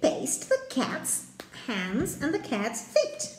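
A woman teaching a craft lesson to small children, speaking in a cheerful, sing-song way, slowly and clearly. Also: high voice, wildly swooping pitch, reverberant, slight background noise.

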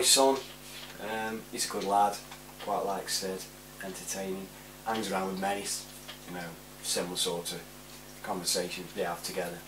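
A chatty man in his forties rambles through shout-outs in a lowish voice, chuckling as he goes. He sits some way back from the mic in a roomy space, and a faint hum runs underneath. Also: distant mic. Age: 40s. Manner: rambling, chatty, laughs often. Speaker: vlogger. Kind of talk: casual shout-outs monologue.

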